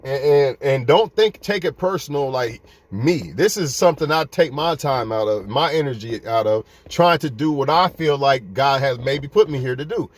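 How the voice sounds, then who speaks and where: A man's voice: medium pitch, animated, normal speed, few pauses, no room sound. A man giving fiery life advice to his viewers in a profane, preachy rant.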